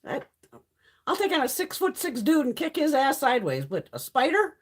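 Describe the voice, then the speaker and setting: A woman's voice: sits high, huge pitch swings, moderate pace. A middle-aged woman hosting a live stream, chatting casually and bluntly with lots of swearing while answering viewer comments. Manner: profane, blunt storytelling, reads chat comments. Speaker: livestream host.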